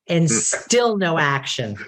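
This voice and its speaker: Laughing woman comic, slow and lively. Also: low-pitched. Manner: playful, laughs between jokes. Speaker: stand-up comic. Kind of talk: stand-up set. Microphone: computer mic on video call.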